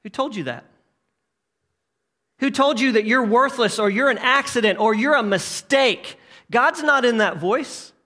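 Guy preaching a sermon, high voice, goes from punchy to real quiet. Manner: swings from emphatic to hushed, repeated rhetorical questions. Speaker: pastor.

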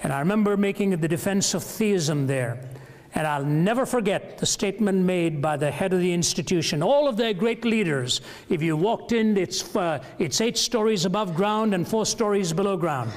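A man giving a public lecture at a university, measured and reflective as he tells stories. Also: high-pitched. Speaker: speaker. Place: large university lecture hall. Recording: long reverb of a large hall.

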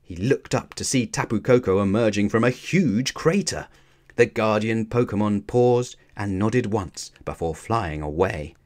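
A man narrating a children's storybook aloud in an expressive, measured way. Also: fairly low pitch. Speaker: storybook reader.

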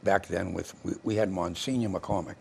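Older man, gravelly, low voice, rambling host. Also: fairly even intonation, moderate pace, a little hiss or hum. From Massachusetts, US. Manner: rambling storyteller, many restarts. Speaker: TV show host. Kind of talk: casual interview chat. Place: local cable TV studio.

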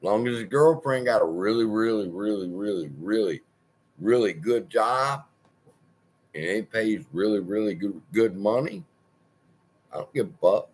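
Husky man with a lively, swooping voice; casual storyteller, profane and wry. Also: fairly low pitch, unhurried. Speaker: channel host.

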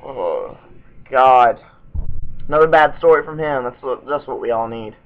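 A man's voice: medium pitch, a little slow. A man hosting a fanfiction review show. He reads stories aloud, stumbles over misspelled words and adds sarcastic asides. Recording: tinny lo-fi home recording.

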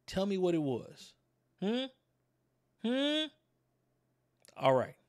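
A man's voice: sits high, big pitch swings, slow. A man hosting a motivational video, talking straight to his viewers, firing rhetorical questions at them and repeating key words for emphasis. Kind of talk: motivational talk to camera.

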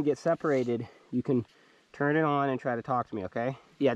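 A man's voice: on the high side, a little mellow, dull audio. Chatty man hosting an outdoor vlog. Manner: upbeat, chatty, addresses viewers as agents. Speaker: vlog host. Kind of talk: casual outdoor vlog narration. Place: campsite and mountain trail outdoors.

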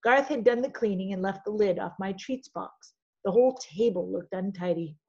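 A woman reading a children's novel aloud in an expressive storytelling manner. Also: mid-range voice, moderate pace, husky, dull audio. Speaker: audiobook reader.

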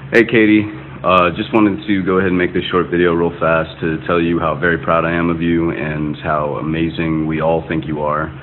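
Super deep guy giving an earnest emotional congrats message, sounds tinny like a phone. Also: little pitch movement, moderate pace. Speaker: family member sending a congratulation video. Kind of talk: recorded video message. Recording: tinny phone-like recording with faint hiss.

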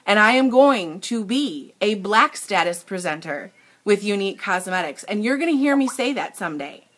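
Her medium-pitched voice is animated and fairly bright, moving at a normal speed. She's a young woman selling makeup on a live stream, talking emotionally and earnestly to viewers and often beginning sentences again, captured by a tablet.

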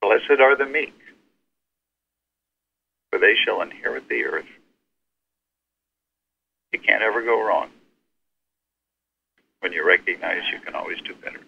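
A man's voice: lowish voice, unhurried, vocal fry, pauses often, slightly rough. A man taking part in an informal Bible study discussion, speaking firmly and emphatically. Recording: tinny phone line.

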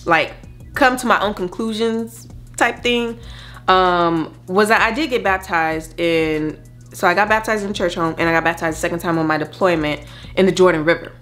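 A woman vlogger talks casually to her viewers while getting ready at home. Her voice sits on the low side, and her manner is chatty and wandering. Soft music plays faintly behind her. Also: normal speed. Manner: chatty and rambling, addresses viewers directly. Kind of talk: casual get-ready-with-me chat. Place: at home doing her makeup.

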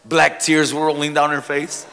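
A male pastor preaching a sermon, telling stories with lively humor. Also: a little high, normal speed, creaky. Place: church sanctuary. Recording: long church hall reverb.

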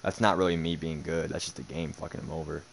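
A man's voice: very deep voice, steady tone, fast, gravelly, slight background noise. A young man commentating his own football video game match, muttering, sarcastic and swearing in frustration. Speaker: gaming streamer.

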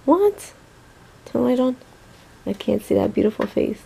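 A woman's voice: a little high, sing-song, normal speed, vocal fry, dark tone. A woman vlogging casually at home, playful and teasing as she chats with her family. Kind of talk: casual family vlog chat.

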